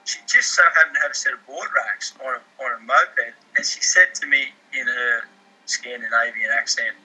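A man's voice: mid-range voice, normal speed, bright, forceful tone, breathy edge, rough recording. A man telling a rambling, exasperated complaint story, swearing freely. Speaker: caller with a complaint. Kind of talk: casual storytelling rant.

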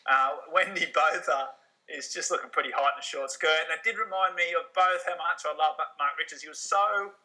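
A middle-aged man co-hosting a podcast, chatting casually with wry, deadpan humor. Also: a little high, fairly quick, poor audio. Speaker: podcast co-host. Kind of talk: casual chat.

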